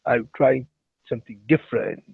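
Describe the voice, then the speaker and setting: A man's voice: mid-range voice, fairly even intonation, normal speed, vocal fry, husky, no room sound. Pleading Pakistani-accented man on a tinny line. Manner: rambling and pleading, with crude teasing. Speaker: livestream host. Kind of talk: casual livestream chat. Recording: tinny phone-line sound, dry.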